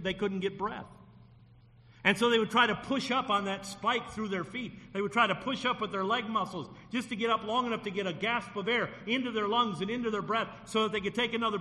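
Man, pastor, earnest sermon, high voice, long hall reverb. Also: bright, forceful tone. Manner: earnest preaching, repeats phrases while building a point.

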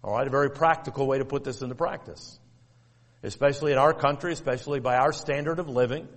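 A man delivering a sermon, teaching in a measured, emphatic way and repeating key phrases. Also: on the high side, in a large hall. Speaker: preacher.

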